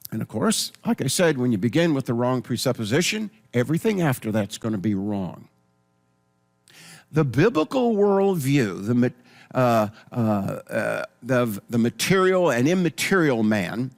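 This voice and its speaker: A man teaching a class on biblical counseling in a conversational way, reading scripture verses aloud and often restarting his sentences. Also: mid-range voice. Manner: explains with many restarts and repeated phrases.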